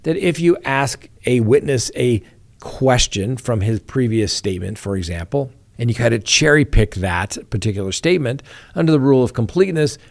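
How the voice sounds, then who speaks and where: A man hosting a crime news show, explaining courtroom rules and reading out trial testimony to his viewers. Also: mid-range voice. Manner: explanatory, addresses viewers directly. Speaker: host. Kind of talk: legal commentary on a trial.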